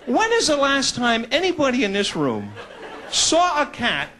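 A man doing a stand-up routine on a club stage, animated and jumping into voices. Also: extremely high pitch, a little slow. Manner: animated, jumps into put-on voices. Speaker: stand-up comedian. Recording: noisy club recording with audience.

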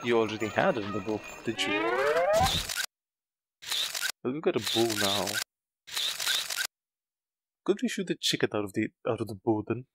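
Low-voiced man musing over a game. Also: expressive, a little fast, long pauses, heavy background noise. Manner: musing, thinking aloud. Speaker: let's play host. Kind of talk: casual gameplay commentary. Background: game music.

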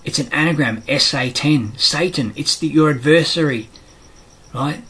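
A man's voice: on the high side, normal speed, sharp tone, rough recording. A middle-aged Australian man in a rambling, profane monologue, blunt and aggrieved, swearing constantly.

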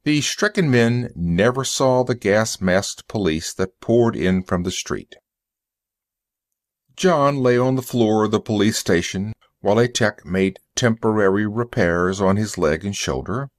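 Slow, deliberate male story narrator. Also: fairly low pitch, animated, dry recording, clean studio sound. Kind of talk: scripted story narration for English learners.

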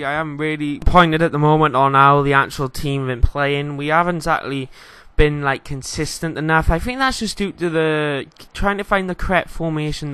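A man's voice: a little high, sharp tone, clean tone, dry recording. A young man with a Welsh accent, giving a casual, rambling game commentary voice-over full of fillers. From Wales. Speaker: gaming YouTuber.

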